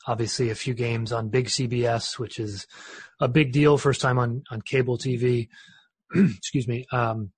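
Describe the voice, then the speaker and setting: Husky-voiced male podcast host. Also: mid-range voice, fairly even intonation, normal speed, no room sound. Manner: discursive, lots of restarts and fillers. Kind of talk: casual sports podcast chat.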